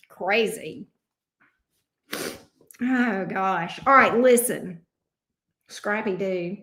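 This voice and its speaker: A tarot reader gives a live reading in an echoey room, her fairly high, slightly bright voice animated but slow, with long pauses. She chats with viewers in an exclamatory, teasing way and swears casually.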